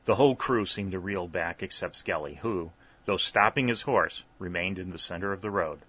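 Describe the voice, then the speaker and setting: A man reads a story aloud in a steady, even manner. His voice is low and bright, and the recording is dry with a slightly dull sound. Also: normal speed, husky, no echo. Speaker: audiobook narrator. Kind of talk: scripted narration.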